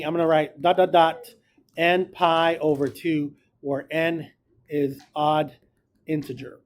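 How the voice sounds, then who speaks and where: A man teaching a math class, casual and encouraging, talking through each step aloud. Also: fairly high pitch. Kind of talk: classroom lecture.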